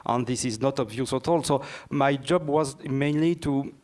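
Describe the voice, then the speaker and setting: A man with a French accent speaks at a press briefing, his first language French. He talks haltingly, stopping to search for words. His voice sits at an ordinary pitch. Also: a little mellow. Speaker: project manager on a panel.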